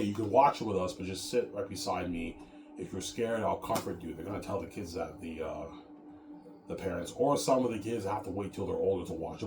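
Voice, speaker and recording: A man with a very low voice talks in a loose, rambling way, circling back to the same points and ending lines with "man." His voice rings around a reflective room over steady, clearly heard background noise. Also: reverberant. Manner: rambling, repetitive, tags sentences with "man". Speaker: show host. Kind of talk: casual rambling monologue.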